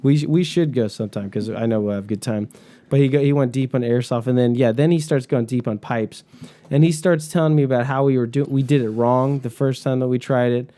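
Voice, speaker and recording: Mellow-voiced young man, rambling chat. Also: medium pitch, steady tone, a little fast. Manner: rambling, swears freely, laughs often. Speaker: podcast co-host. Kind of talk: casual chat.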